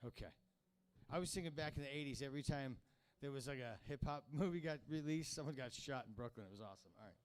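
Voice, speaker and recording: A man in his fifties hosts a comedy show from a comedy club stage, chatting with the crowd in a rambling, profane, conversational stand-up style. His voice is medium-pitched, and he talks fast.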